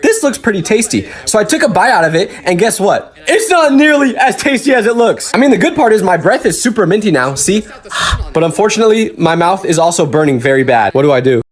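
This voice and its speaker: A young man telling comic stories about everyday mishaps in an animated, exasperated way. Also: high voice, quick pace. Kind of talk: comedic storytelling skits.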